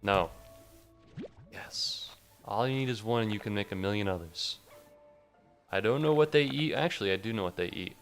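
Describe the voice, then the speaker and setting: A man with a low, gravelly voice gives loose, swear-laden commentary over his gameplay. He chats to the creatures on screen and to his viewers, while faint game music plays behind him. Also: moderate pace, pauses often. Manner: chatty, swears freely, talks to game creatures; talks to chat between bouts of play. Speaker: gaming streamer.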